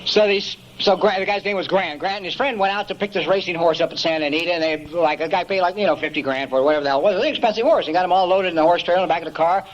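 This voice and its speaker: A man's voice: sits high, rapid-fire, hardly any pauses, muffled recording, a little hiss or hum. A man giving a folksy, emphatic storytelling talk at a recovery meeting, peppering it with "man" and "you know".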